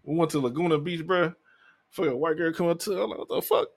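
A man with a Southern accent from Memphis, hosting a podcast and telling profane, animated stories in casual chat. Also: fairly high pitch, fast talker. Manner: animated storytelling, profane, laughs loudly. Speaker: podcast host.

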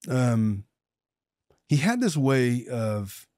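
A man's voice: mid-range voice, big pitch swings, very slow, darkish tone, no room sound, clean studio sound. A middle-aged man co-hosting a podcast, chatting casually and joking, with many restarts. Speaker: podcast co-host. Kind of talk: casual chat.

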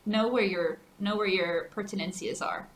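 A woman co-hosting a podcast in casual chat, animated, laughing often and slipping in Spanish words. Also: medium pitch, normal speed, reverberant. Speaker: podcast co-host.

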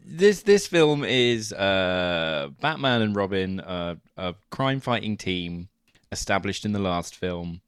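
Wry man with lively pitch. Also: slow pace, smooth, dry recording, studio quality. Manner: wry, deadpan summaries, laughs often. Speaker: podcast co-host. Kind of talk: casual film review chat.

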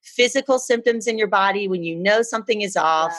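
A woman's voice: medium pitch, fairly quick, a bit bright. A woman from the United States, earnestly telling a personal story in a casual chat. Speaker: guest.

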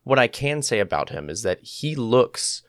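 A man's voice: mid-range voice, big pitch swings, normal speed, a bit bright, dry recording, studio quality. A man co-hosting a sports podcast, talking in a playful, enthusiastic way. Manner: playful, enthusiastic, laughs often. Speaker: podcast co-host. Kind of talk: casual sports chat.

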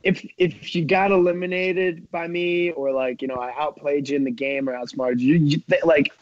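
A man's voice: on the high side, normal speed, dry recording, dull audio. A man as a podcast guest in casual chat, telling stories in a rambling way full of "like" and "you know". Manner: rambling, fillers like "like" and "you know", animated storytelling.

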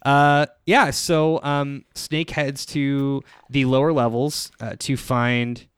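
Chatty man with a smooth voice. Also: medium pitch, flat delivery, slow, fairly bright tone, no echo. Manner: loose and rambling, full of fillers and laughs. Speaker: podcast host. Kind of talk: casual recap chat.

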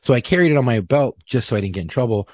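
A man, a police officer, telling a story in casual podcast talk, profane and animated, acting out what people said. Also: mid-range voice, very fast, dry recording. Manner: profane, animated, acts out quotes.

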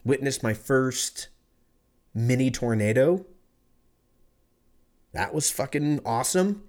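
A man in his thirties tells a story to the camera in a loose, rambling way. He swears freely, pokes fun at himself and keeps an easygoing tone throughout, his voice sitting at an ordinary middle pitch. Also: expressive, slow, darkish tone. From California. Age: 30s. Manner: rambling, profane, laid-back, self-mocking. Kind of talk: casual storytelling monologue.

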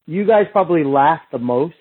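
A man's voice: a little high, expressive, moderate pace, husky. A middle-aged man, a podcast guest, telling long rambling stories in casual chat, restarting sentences and acting out quoted lines. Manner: rambling, restarts often, slips into quoted street talk. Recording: tinny phone-like remote line.

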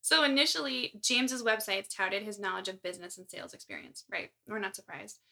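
A woman's voice: mid-range voice, a little fast, creaky, sharp tone. A woman co-hosting a podcast, recounting a story from her notes with wry asides. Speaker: podcast co-host. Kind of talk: casual chat, reading from notes.

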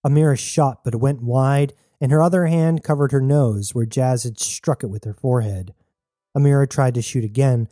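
Dark-voiced male audiobook narrator. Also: medium pitch, normal speed, no echo, clean studio sound. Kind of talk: scripted narration.

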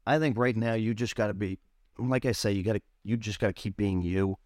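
A man with a Rhode Island accent co-hosting a casual podcast, telling stories with animated, high-pitched quotes of other people. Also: a little fast, no room sound, studio quality. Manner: animated storyteller, jumps high when quoting others. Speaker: podcast co-host. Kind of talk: casual chat.

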